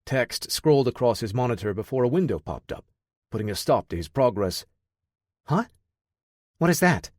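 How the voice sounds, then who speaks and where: A man narrating an audiobook thriller in a steady, even storytelling manner. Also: medium pitch, a little fast, no room sound, studio quality.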